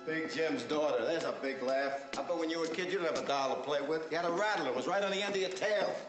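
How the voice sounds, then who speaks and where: A man's voice: fairly high pitch, fast talker, music in the background, close to an everyday voice, low-quality recording. An actor playing a cocky, wisecracking tough-guy man in a 1960s Hollywood film, talking in a sarcastic, needling way. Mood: mocking.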